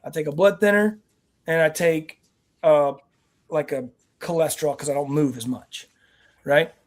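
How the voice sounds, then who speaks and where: Speaking at a moderate pace in a mid-range voice, this guest from a nonprofit team shares stories on a veterans' talk show. The answers are conversational, earnest, and wandering, with many restarts.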